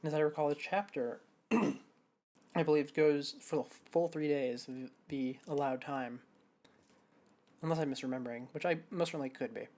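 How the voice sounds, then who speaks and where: Low-voiced woman chatting over a game. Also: moderate pace, mellow. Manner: chatty, self-deprecating, thinking aloud. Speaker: streamer. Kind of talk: casual gameplay commentary.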